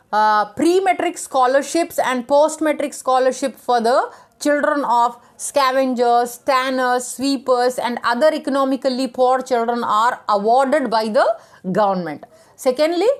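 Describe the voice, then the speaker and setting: A woman with a high voice teaches a lesson, working steadily through a numbered list of points. She pauses on fillers and restarts now and then, like an online tutor explaining from notes. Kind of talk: lecture reading out points.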